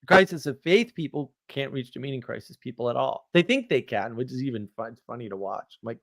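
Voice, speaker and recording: A man's voice: medium pitch, lively intonation, a little fast, vocal fry, hardly any pauses, a bit bright, no room sound. A man hosting a casual, rambling chat, blunt and self-deprecating, joking as he talks. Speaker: host.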